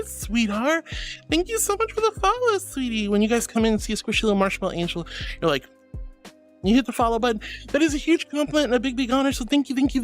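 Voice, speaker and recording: Woman streamer reading chat, sweet and giggly, calls everyone darling, bouncy voice, low music in the back. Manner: affectionate, calls viewers darling and honey; laughs often. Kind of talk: casual live-stream chat.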